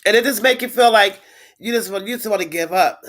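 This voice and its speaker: A woman's voice: medium pitch, a little fast. A middle-aged woman hosting a casual livestream. She is blunt and indignant, swears freely, repeats herself for emphasis and greets viewers by reading their comments. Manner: repeats words, reads viewer comments aloud. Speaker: livestream host. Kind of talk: casual live-stream chat.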